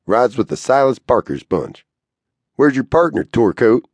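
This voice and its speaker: Man playing an easygoing cowboy, wisecracking, laid-back drawl, husky, dry, western audiobook. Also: mid-range voice, very animated, unhurried, a little mellow, dry recording, voice pushed up, full character voice. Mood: wry.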